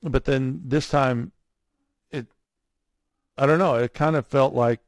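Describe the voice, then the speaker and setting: A man telling his own story in a casual interview, animated, acting out what others said to him. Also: mid-range voice, slow, dry recording. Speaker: guest, cardiac arrest survivor.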